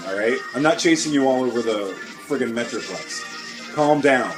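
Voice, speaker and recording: Male comedy host, mid pitch, rambly and mock-pompous, jokey delivery. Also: expressive, moderate pace, faint music behind. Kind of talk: comedic hosting with outtakes.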